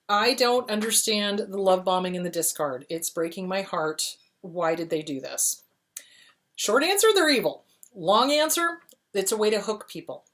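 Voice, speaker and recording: Woman therapist doing viewer q&a, blunt, emphatic, repeats herself for punch, middle pitch. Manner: emphatic and blunt, repeats key phrases, calls the listener honey. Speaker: therapist hosting a question-and-answer show. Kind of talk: answering viewer questions, casual advice.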